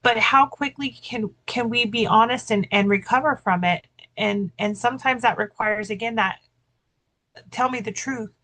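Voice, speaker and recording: A woman's voice: on the high side, moderate pace, fairly bright tone, rough recording. A woman co-hosting a podcast, telling a story in casual chat, full of fillers and restarts. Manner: chatty, many "like" fillers and restarts. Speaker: podcast co-host and keynote speaker.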